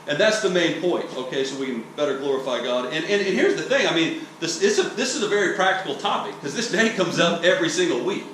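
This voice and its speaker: Guy from texas preaching, kinda higher voice, explains stuff and keeps checking okay?, very echoey far-off mic. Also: animated, fast talker, few pauses, fairly bright tone. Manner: conversational, explanatory, frequent restarts and "okay?" checks. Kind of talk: teaching sermon. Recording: roomy echo, distant mic, faint hiss.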